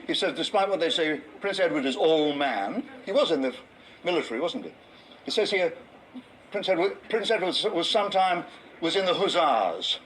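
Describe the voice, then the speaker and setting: An older English comedian with a rather high, lively voice spins wry showbiz anecdotes, stepping into gruff mock voices for the punchlines. Faint ambience sits behind him. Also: male voice, normal speed, slight background noise, poor audio. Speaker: comedian and game show host. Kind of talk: anecdotal stand-up and reminiscence.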